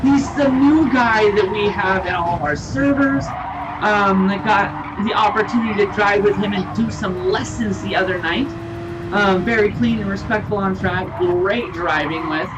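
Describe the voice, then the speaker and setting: A woman commentates a live sim race stream, chatting loosely and joking with the drivers. Her voice sits at an ordinary middle pitch. She is picked up a little away from the mic with faint noise behind. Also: measured pace, far from the mic, highs cut off. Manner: chatty, laughing, playful asides.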